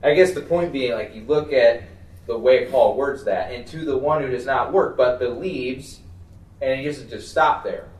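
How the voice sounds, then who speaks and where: A man's voice: mid-range voice, normal speed, darkish tone. Man leading a Bible study in a roomy hall. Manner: thinks aloud with many fillers and restarts. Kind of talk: conversational teaching. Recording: roomy, distant mic, faint background noise.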